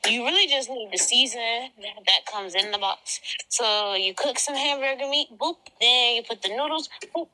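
A woman's voice: a little high, normal speed, pushed and bright, rough recording. A woman hosting a casual podcast chat, teasing her friends and dropping playful little sound effects. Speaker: podcast host.

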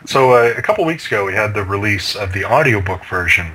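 A man's voice: fairly low pitch, animated, fast talker, pushed and bright, husky, low-quality recording. A man interviewing a guest, asking questions with hesitant fillers. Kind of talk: casual interview.

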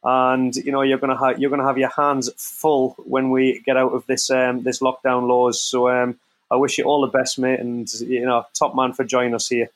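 A man who co-hosts a podcast and tells lively stories in a casual chat. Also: medium pitch, normal speed. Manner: lively storyteller. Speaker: co-host, former footballer.

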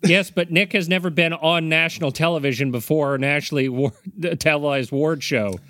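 A man's voice: on the high side, fairly quick, a bit bright, dry recording. A man co-hosting a podcast with snarky, long-winded, sarcastic remarks. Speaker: podcast co-host. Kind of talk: casual podcast chat.

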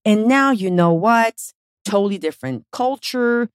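A woman hosting a motivational podcast as a weight-loss coach, talking casually and bluntly with plenty of swearing and lively storytelling. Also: medium pitch, unhurried, clear, resonant tone, no room sound, studio quality. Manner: casual, profane, animated storytelling.

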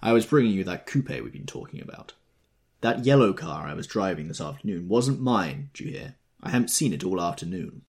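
A man voicing a brusque, forceful man who takes charge, gruff and commanding, in an audiobook reading. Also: deep voice, big pitch swings, a little fast, exaggerated voice. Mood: firm.

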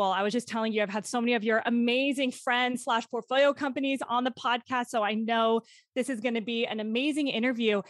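Woman podcast host, fairly high voice, upbeat, dry close sound. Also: no echo. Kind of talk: casual interview.

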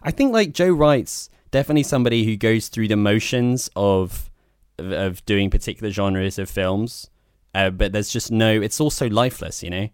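A man with a low, smooth voice co-hosts a film podcast, chatting wryly and wandering through his points with frequent restarts. The sound is dry and close to the mic, with no room echo. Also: normal speed, a little mellow. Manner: rambling, wry, full of restarts. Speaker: podcast co-host. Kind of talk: casual film review chat.

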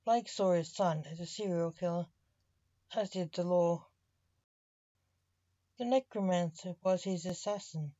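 A woman's voice: lowish voice, measured pace, dark tone, no echo. A woman reading a short story aloud as narrator. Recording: slightly muffled dry recording.

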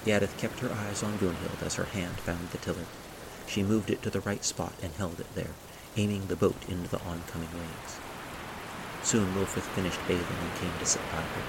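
A male narrator with a very low voice that has a gravelly, creaky edge. He reads the story in a steady, measured way. Loud rain and rolling thunder run under the whole read. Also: heavy background noise. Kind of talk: scripted audiobook narration. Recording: rain and thunder sound effects.

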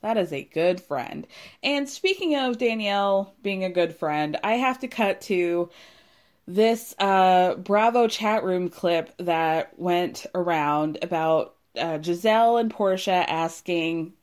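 Animated, sarcastic young woman recapping. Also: on the low side, slow, clean tone. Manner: animated, sarcastic, swears freely, acts out quotes. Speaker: podcast host recapping a reality show. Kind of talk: casual recap commentary.

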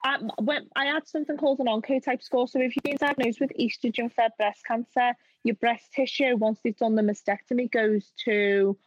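A woman's voice: fairly high pitch, no room sound. A woman, a guest in a casual interview, explaining things earnestly and at length. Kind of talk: casual chat. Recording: dull, dry, muffled audio.

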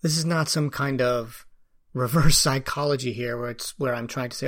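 A man's voice: medium pitch, a bit bright. Earnest reflective man, thinking aloud. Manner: earnest, self-questioning, with pauses and restarts. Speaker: teacher. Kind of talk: reflective personal talk.

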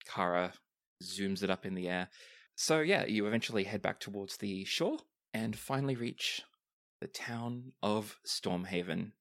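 A man's voice: fairly low pitch, fairly bright tone, no room sound, clean studio sound. A man narrating as game master of a tabletop game, easygoing, with plenty of fillers.

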